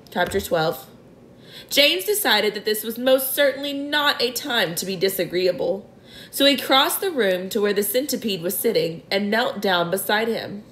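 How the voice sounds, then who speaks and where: A woman reading a children's novel aloud in an expressive way. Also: medium pitch, moderate pace. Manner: expressive, clears throat now and then. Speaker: reader. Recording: roomy echo.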